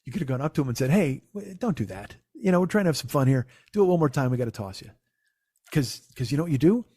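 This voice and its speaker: A male stand-up comedian rattles through a profane story at a quick clip. His voice sits a little high and stays exasperated, and the sound is dry and close to the mic. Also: sing-song, dark tone, husky, dry recording.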